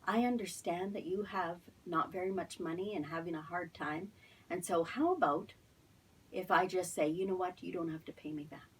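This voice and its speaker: A middle-aged woman tells a Bible story to children as their Sunday school teacher. She keeps asking the kids questions and sometimes drops to a soft whisper. Her voice is slightly husky and picked up from a little way off the mic. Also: fairly low pitch, normal speed, recorded from a distance, rough recording.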